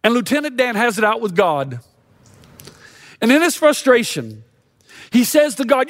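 High-voiced pastor preaching in a dry room. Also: male voice, big pitch swings, unhurried, pauses often, fairly bright tone, no echo. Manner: storytelling, acts out quotes with rising intensity. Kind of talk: sermon.

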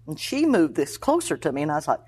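Middle-aged woman, low-pitched voice, emotional testimony, acts out quoted voices, hushed then exclaiming. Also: sing-song, fast talker. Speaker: guest, cancer survivor.

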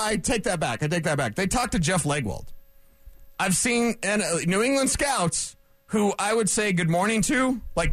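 A sports radio man holds forth in a fairly high voice, animated and sarcastic, tossing off asides as he argues. The sound is dry and close to the mic. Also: dry recording. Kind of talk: opinionated sports talk monologue.

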